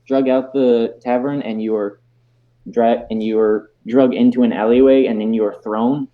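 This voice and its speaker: A man runs a tabletop game, narrating the scene in a mid-pitched voice. He stumbles and restarts his sentences as he goes. The recording sounds dull and lo-fi. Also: steady tone. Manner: halting, restarts phrases often. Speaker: game master.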